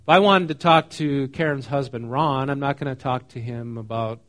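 A man's voice: medium pitch, moderate pace, fairly bright tone. A man preaching a sermon in a conversational way, reading a passage and then explaining it, often asking his listeners questions. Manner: conversational, asks the congregation questions; reads scripture then explains it casually. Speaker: pastor.

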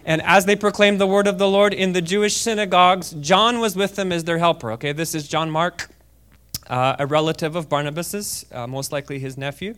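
This guest preacher's voice is high-pitched, brisk, clear and resonant. In a church service he reads scripture and talks casually between verses, often saying "okay?" and moving from hushed asides to loud, fervent reading.

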